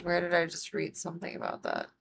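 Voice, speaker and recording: A woman livestreaming a game, her voice sitting a little low for a woman. She talks casually, swearing freely and griping with over-the-top mock emotion. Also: huge pitch swings, fast talker, gravelly, fairly bright tone, slight background noise, low-quality recording. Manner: dramatic, swears a lot, mock-emotional complaining. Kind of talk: casual gaming commentary.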